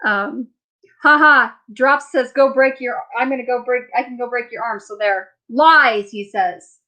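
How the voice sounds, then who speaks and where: A worn-out woman hosts a late-night live stream from her home, chatting loosely and answering viewer comments. She rambles, laughs easily and keeps her tone relaxed and teasing. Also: a little high, moderate pace. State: tired. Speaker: livestream host. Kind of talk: casual live chat reading viewer comments.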